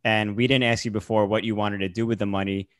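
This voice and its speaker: A man hosting a podcast, chatting casually and reading out announcements and shout-outs. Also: on the low side, little pitch movement, fast talker, no room sound, studio quality. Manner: friendly, reads shout-outs. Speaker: podcast host.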